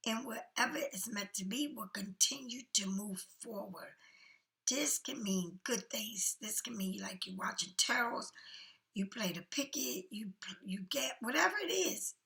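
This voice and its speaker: A woman talks through a tarot spread in a soft, often half-whispered voice. Her tone is bright and carries a gravelly rasp. She stays chatty and reassuring, with a faintly tired air. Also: medium pitch. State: yawning, tired. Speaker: tarot card reader. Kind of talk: casual spoken tarot reading.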